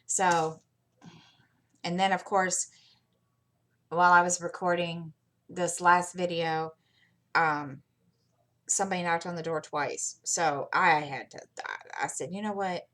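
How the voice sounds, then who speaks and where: A woman's voice: lowish voice, level tone, takes it slowly, long pauses, a bit bright. A middle-aged woman hosting her channel, chatting casually and telling rambling stories while she works on a craft. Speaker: channel host.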